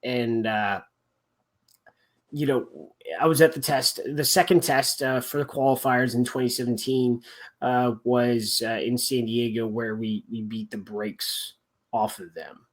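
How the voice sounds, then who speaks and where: A man's voice: medium pitch, steady tone, a little slow. A man hosting a casual sports podcast chat, rambling and often trailing off mid-thought. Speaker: podcast host.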